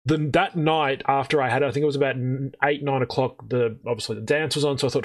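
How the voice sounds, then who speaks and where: A man's voice: medium pitch, quick pace. A man telling a story on a podcast, swearing freely and acting out what people said. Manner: swearing, animated, acts out quoted voices. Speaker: podcast co-host. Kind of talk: casual storytelling chat.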